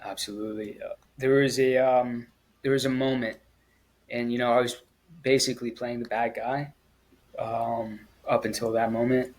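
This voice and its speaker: A man, a former Marine, telling his story in an interview in a halting, earnest way, with frequent pauses and restarts. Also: mid-range voice, little pitch movement, poor audio. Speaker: guest, former Marine at the Kabul airport evacuation.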